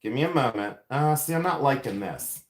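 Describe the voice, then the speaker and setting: A man's voice: mid-range voice, lively intonation, moderate pace. Chatty man demoing silversmithing live. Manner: chatty, playful, laughs often, greets viewers. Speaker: silversmith jewelry maker. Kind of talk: livestream demo with chat. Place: jewelry studio.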